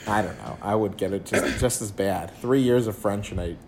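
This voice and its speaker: Deep-voiced joking man chatting. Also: moderate pace, slight background noise. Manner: wry, joking, animated. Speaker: podcast co-host. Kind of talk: casual chat.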